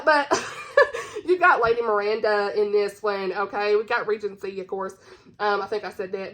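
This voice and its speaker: A woman's voice: a little high, a bit bright. A woman hosting her own channel, chatting casually and bubbly about books she recommends, giggling often. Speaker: book reviewer, channel host. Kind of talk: casual book-recommendation chat.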